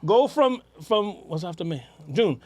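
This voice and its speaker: A man's voice: high-pitched, animated, a little mellow, no echo. A man hosting a casual podcast, joking, swearing and nudging his guest along. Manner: fast, joking, profane, prods guest to promote. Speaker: podcast host.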